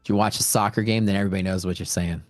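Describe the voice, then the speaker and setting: A man's voice: sits low, fairly even intonation, rapid-fire, no room sound, faint music behind. A man hosting a livestream from home, rambling in casual chat and answering viewer questions. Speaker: livestream host and futures trader.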